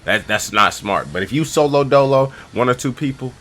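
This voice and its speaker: A man's voice: mid-range voice, expressive, normal speed, fairly bright tone, faint music behind. A man in his twenties giving loose, slangy, rambling travel advice straight to camera as a casual vlogger. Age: 20s.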